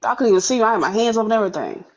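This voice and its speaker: A woman's voice: fairly high pitch, expressive, very fast, highs cut off, a little hiss or hum. A woman with a New Orleans accent, teasing and joking with profanity on a podcast panel. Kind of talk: casual group chat.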